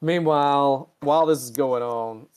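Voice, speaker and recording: A man hosting a casual podcast recap, swearing freely and jumping into quick character quotes with lively pitch swings. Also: smooth. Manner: animated, jumps pitch when quoting characters. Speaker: podcast host recapping episodes.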